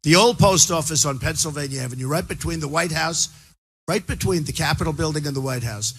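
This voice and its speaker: An older man with a New York accent giving a boastful, repetitive rally speech as a political candidate, often shouting to a crowd. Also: on the high side, a little fast, breathy edge. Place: large indoor rally venue.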